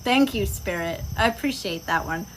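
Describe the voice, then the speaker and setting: A woman's voice: mid-range voice, animated, normal speed, a little hiss or hum, rough recording. A woman giving a casual tarot reading, talking bluntly and emphatically with plenty of profanity. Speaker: tarot reader. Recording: insects and crickets chirping behind.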